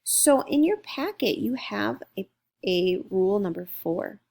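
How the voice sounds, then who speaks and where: Woman, teacher, slow and careful, gravelly voice, sounds out letters and syllables for young children. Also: medium pitch, animated, darkish tone. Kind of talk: phonics lesson for young children.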